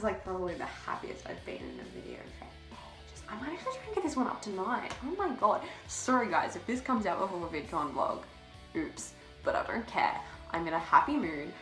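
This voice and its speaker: A woman's voice: lowish voice, wildly swooping pitch, brisk, a bit bright, faint music behind. A teenage girl vlogging to camera in a casual, chatty way, slightly out of breath, swearing freely and laughing often. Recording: echoey room.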